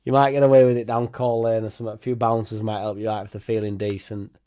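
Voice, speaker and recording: A man's voice: fairly low pitch, level tone, fast, dark tone. A young man hosting a casual fan livestream, laughing often, swearing freely and rambling as he reacts and thanks viewers. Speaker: fan channel host.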